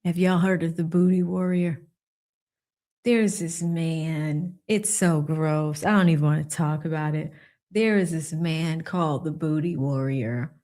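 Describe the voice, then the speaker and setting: Slow-talking woman host reading chat. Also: lowish voice. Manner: reads viewer super chats aloud, laughing and mocking; animated impressions of people she discusses. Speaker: livestream host. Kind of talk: casual livestream commentary.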